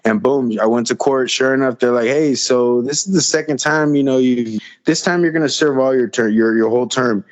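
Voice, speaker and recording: A man's voice: medium pitch, fairly quick. Rambling man telling a story. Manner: rambling, repeats phrases, acts out quoted dialogue. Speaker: podcast guest. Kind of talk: casual storytelling. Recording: slightly dull lo-fi audio.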